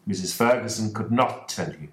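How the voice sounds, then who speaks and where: A man voicing a calm, precise detective who explains things in a measured way, in an audiobook story. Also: lowish voice, natural voice. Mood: explaining. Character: calm, precise male detective, middle-aged. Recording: roomy echoing recording.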